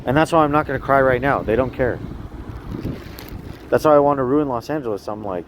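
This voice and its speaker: A man holds his phone and talks outdoors in a rambling, agitated stream, repeating himself and pressing the viewer with questions. His voice sits at an ordinary middle pitch. Faint street traffic carries on behind him. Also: fairly quick. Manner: agitated, repetitive, keeps asking the viewer "you see that?". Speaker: vlogger. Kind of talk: rambling self-filmed monologue.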